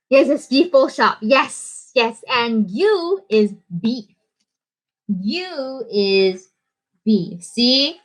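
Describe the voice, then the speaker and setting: A woman's voice: fairly high pitch, sing-song, slow pace. Bubbly woman livestream host. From United States. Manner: bubbly, chatty, switches between Japanese and English. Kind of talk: casual livestream chat.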